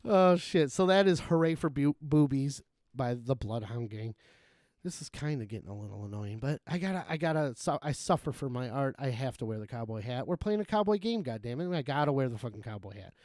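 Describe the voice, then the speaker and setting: A man hosting a live game stream, rambling and swearing freely as he chats, often breaking into chuckles. His voice sits at an ordinary middle pitch, and the sound is close and dry, with no room around it. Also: lively intonation, fairly quick, darkish tone, dry recording. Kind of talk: casual gaming-stream chat.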